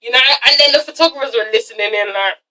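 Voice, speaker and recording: A woman's voice: a little high, fast talker, sharp tone, far from the mic, slight background noise, poor audio. A woman reviewing a TV episode in a casual, gossipy rant, frank and swearing freely. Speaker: TV show reviewer.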